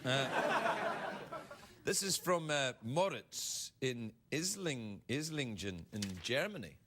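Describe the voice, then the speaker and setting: A man hosting a late-night talk show, reading viewer emails aloud and riffing on them with animated, mock-indignant comedy. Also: mid-range voice, slow. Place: TV studio with live audience. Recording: loud studio audience, live-broadcast noise.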